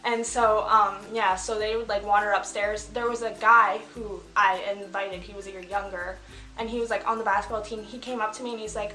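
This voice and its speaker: A woman's voice: medium pitch, steady tone, a little fast, bright, forceful tone. A woman in her twenties casually telling a story, chatty and full of fillers, often laughing as she talks. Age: 20s. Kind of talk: casual story time chat. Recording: echoey room with faint music.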